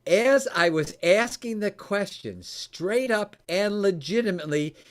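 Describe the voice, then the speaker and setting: A man telling a story in conversation, animated and laughing often, his voice jumping high when excited. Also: unhurried. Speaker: coach and former radio host.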